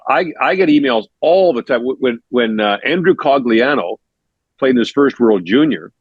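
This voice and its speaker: A man's voice: mid-range voice, lively intonation, normal speed, husky, no room sound, narrow, tinny audio. A man who is a hockey play-by-play broadcaster, chatting at length as a guest on a casual podcast interview. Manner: explains at length in a chatty, conversational way.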